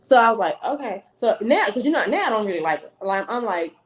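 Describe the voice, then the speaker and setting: Podcast guest, woman, animated storyteller, acts out quoted lines, mid pitch. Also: quick pace. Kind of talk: storytelling, casual chat.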